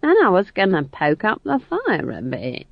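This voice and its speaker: A woman's voice: lowish voice, huge pitch swings, normal speed, gravelly, dry recording, pitched above the performer's own voice, heavily acted. A woman voicing a chatty, mischievous old female witch with rustic, folksy grammar. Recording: dull dry studio read.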